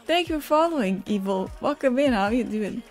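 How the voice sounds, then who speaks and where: Soft music plays behind a Twitch streamer whose fairly high, darkish voice is expressive and a little quick. She laughs, swears, and reads viewer messages aloud while chatting with them candidly and emotionally in a casual live stream.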